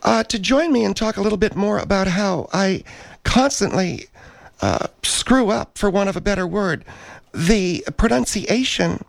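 A man's voice: high-pitched, lively intonation, a little slow, creaky, no room sound. A man hosting a radio show, rambling and hesitant with many fillers.

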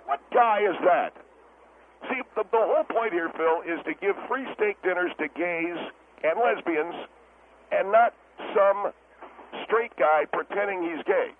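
Guy putting on a high-voiced restaurant owner, brash and stammery, sounds like a crackly phone call w faint hiss. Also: a little slow. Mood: defensive. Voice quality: stammering, blustery, defensive. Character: brash middle-aged male steakhouse owner, defensive. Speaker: caller. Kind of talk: talk radio comedy bit. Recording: tinny phone line.

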